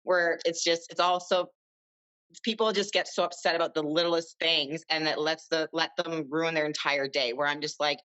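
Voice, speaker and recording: Low-voiced chatty woman, muffled sound. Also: steady tone, moderate pace, fairly bright tone. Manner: chatty, rambling with many fillers. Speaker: podcast guest. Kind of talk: casual chat.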